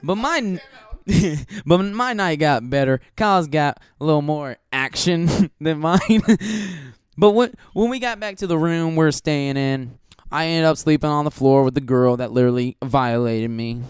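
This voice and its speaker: A young man hosting a podcast, telling a story in an animated, crude, joking way and laughing often. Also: fairly high pitch, a little slow, smooth, dry recording, clean studio sound. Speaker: podcast host. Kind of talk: casual storytelling.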